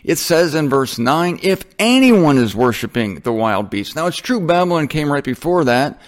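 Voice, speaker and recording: A man with a slightly raised pitch teaches from scripture in a loose, conversational way. He is wry and self-deprecating, stopping to correct himself and addressing his listeners directly as folks. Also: big pitch swings, moderate pace. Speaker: Bible teacher. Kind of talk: informal Bible teaching.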